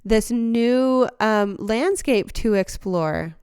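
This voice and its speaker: A woman's voice: on the high side, very slow, darkish tone, clear, resonant tone, no room sound, clean studio sound. A woman voicing a newly hatched caterpillar, wide-eyed, hungry and full of childlike delight. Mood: awestruck.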